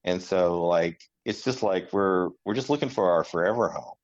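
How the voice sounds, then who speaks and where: A man's voice: deep voice, moderate pace, highs cut off. A man in casual conversation, speaking reflectively and rambling with fillers as he talks things through. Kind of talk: casual chat.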